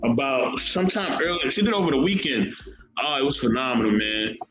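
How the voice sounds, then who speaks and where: A man's voice: medium pitch, a little fast, echoey room, soft background music, rough recording. A man hosting a casual podcast, chatting and reading history aloud, often repeating his words. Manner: animated, repeats words, reads chat comments aloud. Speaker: podcast host.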